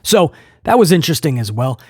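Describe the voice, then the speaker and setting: A man hosting a casual wrestling podcast, ranting in an animated, incredulous way. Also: on the high side, a little fast, breathy edge, no room sound, clean studio sound. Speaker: podcast host.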